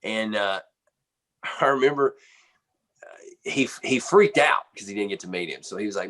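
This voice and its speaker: Low-voiced man telling a rambling anecdote. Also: animated, moderate pace, long pauses, fairly bright tone. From United States. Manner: rambling storyteller, many fillers and restarts, laughs often. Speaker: guest musician, drummer. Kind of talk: casual anecdote in an interview.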